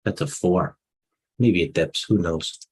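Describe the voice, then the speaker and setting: Rambling husky man talking markets. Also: low voice, measured pace, low-quality recording. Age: middle-aged. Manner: rambling, muttering asides, restarts. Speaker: stock market live-stream host. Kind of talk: off-the-cuff market commentary.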